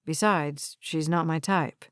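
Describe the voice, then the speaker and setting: A woman's voice: low voice, slow pace, a bit bright, no room sound, pitched below the performer's own voice. A woman voicing a friendly, slightly bashful young man in an audiobook, recorded dry.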